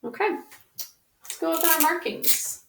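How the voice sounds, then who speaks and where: A woman's voice: extremely high pitch, animated, a little slow, gravelly, fairly bright tone, a little hiss or hum. A woman teaching a spelling lesson on video, patiently sounding out words one sound at a time. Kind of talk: slow, careful spelling lesson. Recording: roomy echo.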